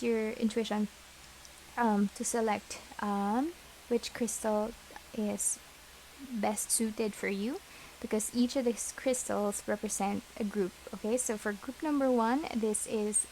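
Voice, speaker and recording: Gravelly-voiced woman tarot reader. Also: fairly high pitch, a little hiss or hum, poor audio. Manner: gentle, reassuring, many fillers. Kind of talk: pick-a-card tarot reading.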